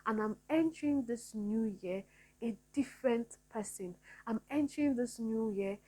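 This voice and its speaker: A woman's voice: a little high, unhurried, dark tone, low-quality recording. A woman talking earnestly to her viewers in a personal vlog, repeating her points to encourage them. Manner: earnest, repetitive, encouraging, faith-filled. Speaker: vlogger.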